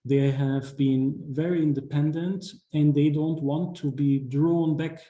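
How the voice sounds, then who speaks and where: Man, dark voice, echoey room. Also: on the high side, steady tone. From Austria. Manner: measured, many fillers and restarts. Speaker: guest speaker, ambassador. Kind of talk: online talk, lecture. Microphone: video call.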